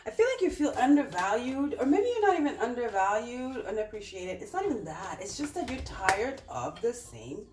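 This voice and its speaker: A woman's voice: on the high side, very animated, fairly quick, darkish tone, distant mic. A woman giving a casual, rambling tarot reading, talking directly to her viewers with many fillers. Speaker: tarot reader. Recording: roomy, off-mic with faint noise.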